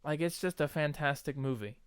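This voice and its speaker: A man's voice: fairly high pitch, fairly quick, clean tone, no room sound, studio quality. A man co-hosting a podcast in casual chat, laughing often and acting out movie lines. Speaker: podcast co-host.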